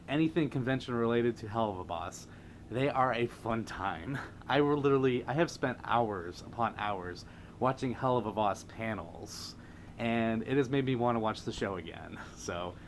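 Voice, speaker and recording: A man's voice: medium pitch, a little hiss or hum. A man hosting a casual livestream, reading viewer comments aloud and laughing often. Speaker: livestream host.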